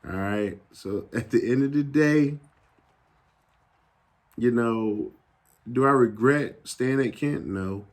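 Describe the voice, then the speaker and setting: A young adult man telling a casual story in an animated, slangy way, acting out the people he quotes. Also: mid-range voice, slow pace, pauses often. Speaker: YouTube gaming channel host.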